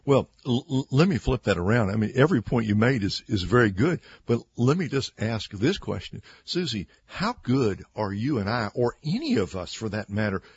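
A man's voice: medium pitch, big pitch swings, normal speed, hardly any pauses, muffled recording, slight background noise. A man giving conversational Bible teaching as a radio guest, earnest and acting out quoted speakers with emphasis. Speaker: Christian author and radio guest.

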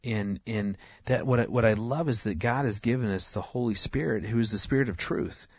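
A middle-aged man speaking as a guest in casual chat, earnest and halting with frequent restarts. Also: lowish voice, husky, no echo, muffled recording.

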